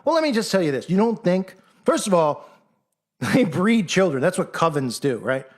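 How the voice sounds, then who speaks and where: Man, high-pitched voice, argumentative monologue, combative, mocking, rhetorical questions. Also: very animated, moderate pace. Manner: acts out critics in mock voices. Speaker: commentator.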